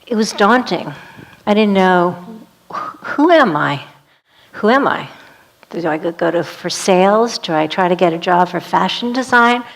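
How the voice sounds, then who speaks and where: Woman telling her story slowly on stage. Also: on the low side, expressive. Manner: slow, vivid, dramatic storytelling. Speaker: performer of a one-woman play. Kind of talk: theatrical storytelling monologue.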